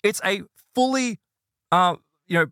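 A man, casually telling a ghost story on a podcast, animated and quick to act out quoted people. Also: smooth, no room sound, studio quality. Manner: animated, voices quoted people in higher pitch.

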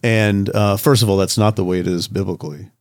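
A man's voice: on the low side, fairly even intonation, fairly quick, a little mellow, no echo, clean studio sound. A man co-hosting a podcast, chatting loosely and adding his own comments. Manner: conversational, loose, with many fillers. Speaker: podcast co-host. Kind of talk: casual interview talk.

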